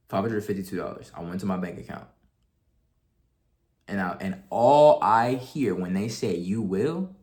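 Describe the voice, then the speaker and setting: A young man telling a story to camera in a casual, slangy way, acting out what people said. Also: deep voice. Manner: animated, slangy, acts out quotes. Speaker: vlogger.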